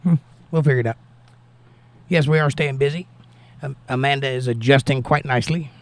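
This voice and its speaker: Briskly and in a mid-range voice, a livestream host reads his viewers' comments and answers them casually, adding a prayerful note of thanks to God.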